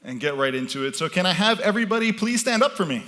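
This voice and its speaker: A man's voice: sits high, expressive, fast talker, sharp tone. A man performing as a mentalist, leading a live audience through a participation game from an event stage with commanding, playful patter.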